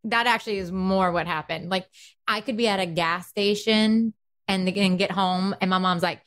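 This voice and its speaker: Woman, South Carolina accent, animated chatty podcast co-host, mid-pitch. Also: moderate pace. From South Carolina, USA. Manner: chatty, laughing, animated storyteller. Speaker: podcast co-host, dental hygienist. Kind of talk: casual chat.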